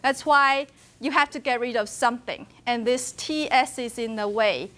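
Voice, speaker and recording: High-voiced woman lecturing. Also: normal speed, fairly bright tone. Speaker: university linguistics lecturer. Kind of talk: classroom lecture. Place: classroom.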